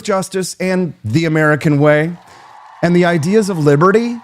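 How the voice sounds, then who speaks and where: A man's voice: sits high, animated, normal speed. A man hosting a talk show, delivering an opinionated, sarcastic monologue and swearing freely.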